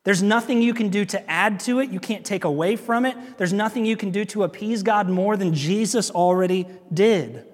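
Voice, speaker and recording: A preacher voicing an exasperated apostle. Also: male voice, sits high, normal speed, few pauses, in a large hall, pitched above the performer's own voice. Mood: pleading. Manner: pleading, incredulous rhetorical questions. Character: exasperated apostle scolding his churches. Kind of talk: sermon.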